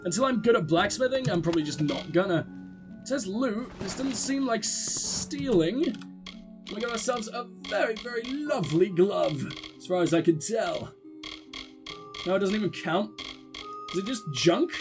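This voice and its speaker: Sarcastic high-voiced gamer man. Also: animated, moderate pace, over music. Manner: sarcastic, swears often. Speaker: let's play gamer. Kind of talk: casual gameplay commentary.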